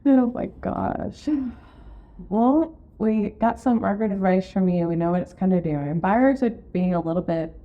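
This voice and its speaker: A woman co-hosting a podcast in casual chat, telling stories full of fillers and acting out her own quotes in a high voice. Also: unhurried. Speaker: podcast co-host, real estate marketing and sales director. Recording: dull lo-fi podcast recording.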